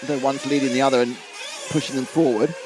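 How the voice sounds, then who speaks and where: A man's voice: mid-range voice, steady tone, fast, noisy background. A man doing live commentary on a model car race, chatty and reading out viewer comments.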